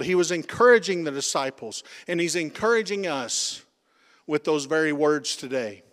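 A male pastor preaching a sermon, leading the congregation in call-and-response and dropping to soft, dramatic tones. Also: a little high, animated, normal speed. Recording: long reverb of a large hall.

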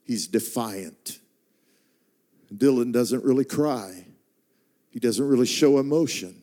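A middle-aged pastor telling a personal story in a sermon, moving between quiet, slowed narration and rising, impassioned intensity. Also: male voice. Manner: builds from hushed, slow narration to impassioned, high-pitched intensity.

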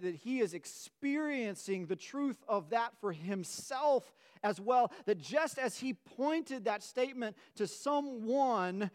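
A man's voice: high voice, smooth. A man preaching a sermon in a church, emphatic, often repeating and restarting phrases as his fervor builds. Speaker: pastor. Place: church sanctuary.

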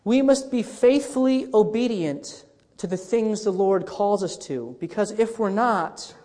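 A man's voice: high voice, mellow, long reverb tail. A man pastor preaching a sermon in a conversational storytelling way, often restarting his sentences.

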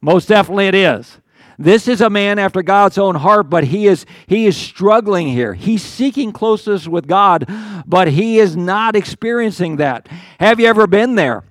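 A man's voice: high-pitched, lively intonation, moderate pace, no room sound, clean studio sound. An older man pastor giving a conversational, earnest sermon, often restarting his words. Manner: conversational, earnest, with many restarts and acted quotes of the psalmist.

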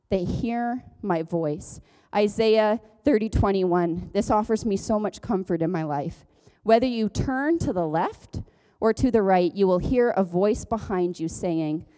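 Warm-toned and mid-range, this Ontario woman preaches a sermon that feels like a chat, poking fun at herself and laughing frequently along the way.

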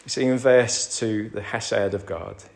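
In a fairly low, creaky voice, a pastor preaches without hurrying. He pushes toward emphatic crescendos, then lets his voice drop to a near-whisper.

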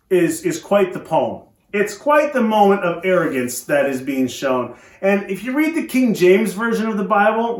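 A male pastor preaching a sermon, retelling a story in an animated way with joking asides. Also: sits high, roomy sound. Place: church.

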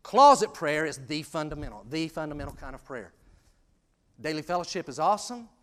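A man's voice: a little high, big pitch swings, fairly quick. Man preaching with big swings in volume. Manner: swings from hushed asides to loud emphatic peaks; conversational, self-deprecating preaching with jokes. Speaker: pastor. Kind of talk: sermon.

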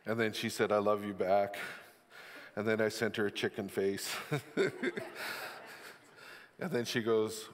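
A man's voice: on the low side, flat delivery, a little slow, pauses often, long reverb tail. A middle-aged male pastor preaching a sermon, with candid, self-deprecating stories. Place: church sanctuary.

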